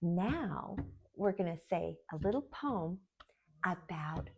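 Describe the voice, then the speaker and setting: Slow sing-song woman teaching preschoolers. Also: fairly low pitch, animated, darkish tone, husky. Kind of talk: children's lesson with rhymes.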